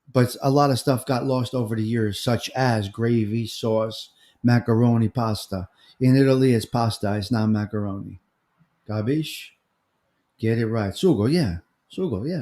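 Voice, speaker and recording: A man's voice: mid-range voice, moderate pace, a little mellow, roomy sound. A middle-aged American man, hosting a casual live-stream chat, greeting viewers by name and drifting from topic to topic. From United States. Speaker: livestream host.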